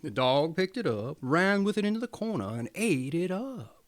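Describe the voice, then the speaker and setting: A man's voice: on the high side, sing-song, normal speed. A man casually reading fairy tales aloud as a storyteller, playful and chuckling at his own slips.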